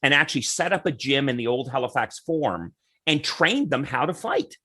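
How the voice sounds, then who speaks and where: A man from Nova Scotia, Canada, telling stories as a podcast guest in an animated way. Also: mid-range voice, normal speed, breathy edge. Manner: animated, acts out characters. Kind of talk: casual storytelling.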